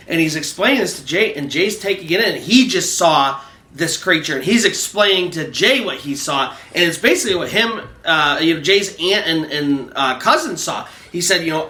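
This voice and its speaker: High, bright-voiced man telling a ghost story. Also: lively intonation, moderate pace, echoey room. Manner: loose and conversational, many "you know"s. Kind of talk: narrating a true ghost story.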